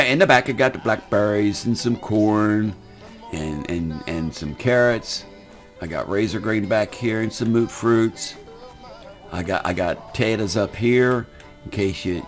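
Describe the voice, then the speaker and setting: An older man, giving folksy, rambling casual commentary while playing a game, often repeating words. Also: on the low side. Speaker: gaming channel host.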